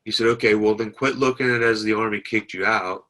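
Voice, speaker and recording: A man with a lowish, slightly bright voice talks at a quick pace with fairly even intonation, over poor audio. As a veteran guest in an interview, he tells his story plainly, retelling conversations line by line with many "I said".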